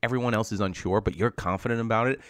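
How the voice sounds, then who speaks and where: A man co-hosting a gossip show, rambling casually with lots of halting restarts. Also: fairly low pitch, fairly bright tone, no echo. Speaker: co-host. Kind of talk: casual chat.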